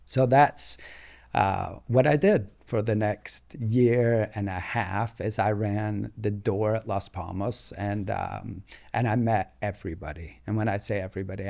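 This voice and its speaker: A man, a podcast guest, telling a long personal story in relaxed conversation, acting out bits of dialogue and often restarting his sentences. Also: lowish voice, creaky. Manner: animated, acts out dialogue, frequent restarts.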